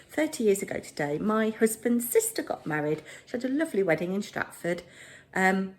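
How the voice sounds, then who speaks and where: A woman's voice: mid-range voice, sing-song, fairly quick. A middle-aged woman vlogging at home. She is chatty and self-deprecating and rambles casually. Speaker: vlogger, drama teacher.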